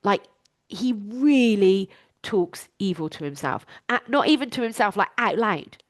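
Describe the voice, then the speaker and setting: A woman's voice: mid-range voice, lively intonation, measured pace, no room sound, studio quality. A woman, a life coach hosting her own podcast, talking candidly and emphatically, swearing freely.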